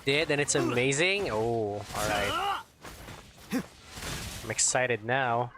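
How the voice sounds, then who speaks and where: A man's voice: mid-range voice, wildly swooping pitch, slow pace, background noise. A man streaming a game, chatting casually and rambling as he searches for words. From Philippines. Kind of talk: casual gameplay chat.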